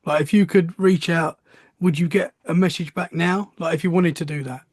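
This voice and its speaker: High-voiced male podcast host. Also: steady tone, normal speed, no room sound, clean studio sound. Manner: brief, curious follow-up questions. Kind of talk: interview questions.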